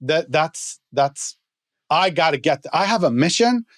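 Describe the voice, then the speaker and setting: A man telling a story as a guest on a podcast, halting with many restarts. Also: on the high side, animated, a bit bright, no echo, studio quality.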